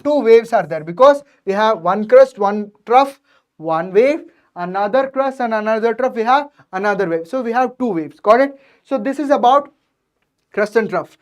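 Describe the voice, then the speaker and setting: A woman's voice: on the high side, lively intonation, normal speed. A woman teaching a science revision lecture, explaining step by step and checking in with her students after nearly every point. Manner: addresses students directly and checks understanding.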